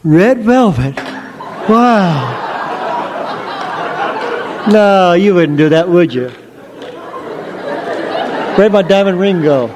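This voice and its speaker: Male preacher, folksy, animated, lively pitch, slow delivery. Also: a crowd in the background, background noise. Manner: folksy, animated, self-deprecating storytelling. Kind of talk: sermon.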